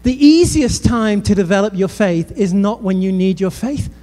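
A man's voice: sits high, moderate pace. A British man preaching a sermon, telling funny stories and speaking straight to the crowd. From Britain. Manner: lively storytelling with humor and asides to the crowd. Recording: long reverb of a large hall.

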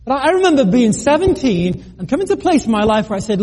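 A man's voice: extremely high pitch, sing-song, fast talker, a little mellow, slightly rough. A middle-aged man from the United Kingdom, preaching a sermon earnestly, with joking asides and stammered restarts. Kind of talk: sermon with personal story.

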